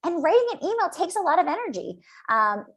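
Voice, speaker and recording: A woman's voice: very high voice, sing-song, brisk. A woman guest on a podcast, talking in a chatty, enthusiastic way with lots of fillers and acted-out asides. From United States. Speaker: guest speech-language pathologist. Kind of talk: casual podcast interview.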